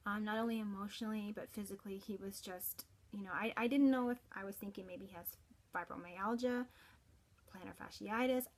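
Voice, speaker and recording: A middle-aged mother telling her story as a personal testimonial, earnest and halting, with frequent restarts. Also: mid-range voice, fairly even intonation. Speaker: parent giving a product testimonial.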